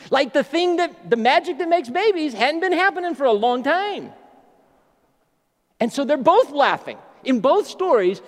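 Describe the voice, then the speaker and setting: A middle-aged male pastor with a high, very lively voice, telling stories with jokes in an animated way. His sermon rings out in a church with a long reverb. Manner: animated, joking storyteller.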